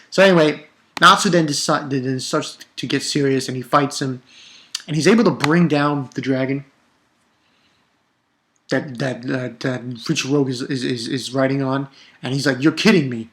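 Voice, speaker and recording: A man giving a casual spoken review of a manga chapter, ranting with exasperation and stumbling over repeated words. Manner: animated, exasperated ranting with sudden pitch jumps; halting, with frequent repeated words.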